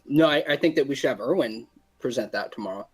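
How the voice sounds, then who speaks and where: Man, tabletop player, casual, easy laughter, mid-pitched. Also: animated, fast talker, breathy edge. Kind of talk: describing character actions in a tabletop game.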